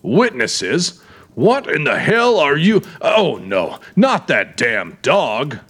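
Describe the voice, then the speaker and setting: A man's voice: fairly high pitch, huge pitch swings, slow pace, a bit bright, breathy edge, pitched above the performer's own voice, full character voice. A man voicing a surly, defiant aging warehouse owner who grumbles indignantly, in an audiobook reading. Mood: defiant grumbling. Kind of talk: audiobook character voice.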